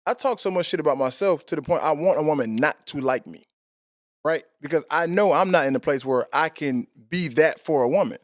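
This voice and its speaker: Male podcast host, 30s, blunt and cussing, fairly high voice, dry studio sound. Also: brisk, no room sound. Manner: blunt, profane, animated. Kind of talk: casual chat.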